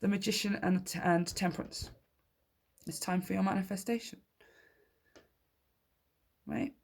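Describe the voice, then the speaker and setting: A woman's voice: medium pitch, fairly even intonation, unhurried, vocal fry, darkish tone. A woman giving a casual tarot reading to her viewers, upbeat and encouraging, often laughing and repeating key phrases for emphasis. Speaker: tarot reader.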